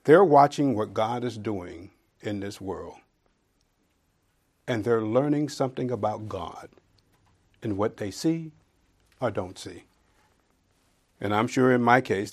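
A man with a lowish, breathy-edged voice teaches from the Bible in a conversational way. He builds to loud emphasis while reading scripture, then slips into dry, sarcastic asides.

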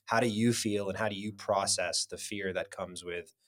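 A man hosting an interview, asking long searching questions with pauses. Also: fairly low pitch, steady tone, a bit bright, dry recording, clean studio sound. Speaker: interview host.

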